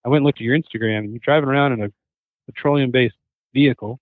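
A man's voice: mid-range voice, quick pace, dry recording. Guy telling stories on a podcast, does the voices, sounds like a phone call, dry. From Southern California. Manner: animated storyteller who acts out quoted voices. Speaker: podcast guest, hunter and chef. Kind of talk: casual conversation. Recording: thin phone-like remote line, dry.

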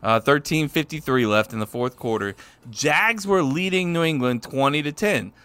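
A man's voice: a little high, normal speed, fairly bright tone, smooth. A man hosting a sports podcast in loose, casual chat, swearing freely. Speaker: podcast host.

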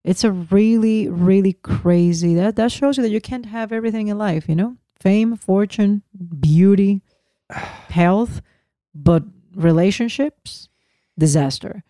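A woman's voice: medium pitch, measured pace, dark tone, dry recording, clean studio sound. A woman from Rico, co-hosting a podcast in casual, emphatic chat, often repeating words for effect. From Puerto Rico. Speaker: podcast co-host.

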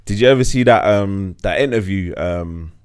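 A man's voice: sits low, normal speed, darkish tone, clean tone. A young man, co-hosting a podcast and telling stories in a laid-back, joking way. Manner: laid-back, storytelling banter. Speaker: podcast co-host. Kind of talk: casual chat.

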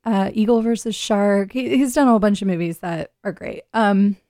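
A woman's voice: mid-range voice, normal speed, warm tone, no room sound, studio quality. A woman hosting a live radio show in casual chat, rambling and laughing often as she talks. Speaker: radio host.

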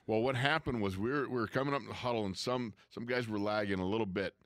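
A man's voice: lowish voice, fast talker, no echo, clean studio sound. A man, a former pro football player, casually telling locker-room stories and acting out the people he quotes. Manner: animated storyteller, acts out quoted coaches and players. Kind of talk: casual storytelling chat.

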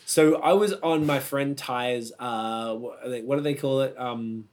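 A man's voice: mid-range voice, a little slow, a little mellow. A man from Australia with an Australian accent, hosting a casual chat and telling rambling stories, swearing freely and laughing easily. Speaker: podcast host.

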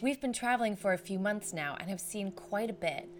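A woman's voice: medium pitch, expressive, brisk, soft background music, close to an everyday voice. A woman voicing a young woman traveler, upbeat and chatty. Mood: enthusiastic.

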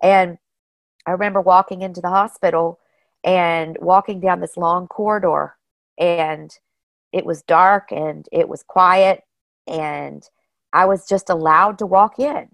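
A woman guest telling personal stories in a casual, animated way, often saying "you know" and "like". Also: on the low side, a little slow, vocal fry, no room sound. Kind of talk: casual storytelling.

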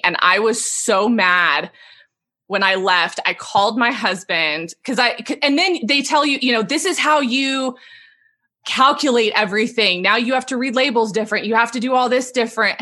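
A woman in her thirties, a podcast guest telling a personal story in an animated way and laughing as she talks. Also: a little high, normal speed. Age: 30s. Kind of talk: casual interview storytelling.

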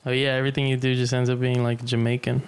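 Gravelly co-host in an echoey room. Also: medium pitch, monotone, quick pace. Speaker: podcast co-host. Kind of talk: casual podcast chat. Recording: echoey room, faint noise.

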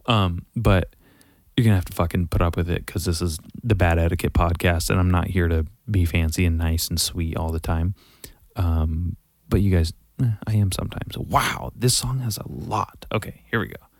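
A man's voice: low-pitched, fairly even intonation, moderate pace, dry recording, clean studio sound. Rambling, foul-mouthed podcast man. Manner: rambling, swears constantly, self-correcting. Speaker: podcast host. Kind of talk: casual solo podcast monologue.

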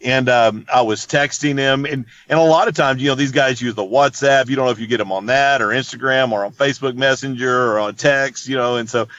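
A man's voice: mid-range voice, brisk, few pauses, a bit bright, highs cut off. A man telling a long story in casual chat, rambling and laid-back, full of "dude" and "you know what I mean.". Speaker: podcast guest.

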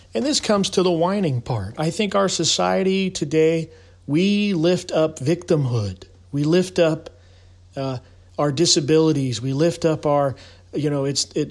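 A middle-aged man delivers a motivational monologue, his voice sitting a little higher than most men's. He talks in a preachy, emphatic way, pushing up into loud insistence to hammer his points home. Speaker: podcast host.

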